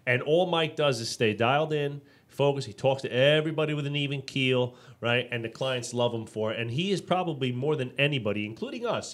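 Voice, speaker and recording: A man co-hosting a casual business podcast, telling stories with animation, acting out quotes and restarting his sentences often. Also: mid-range voice. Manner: animated storytelling, acts out quotes; frequent restarts and fillers. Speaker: podcast co-host.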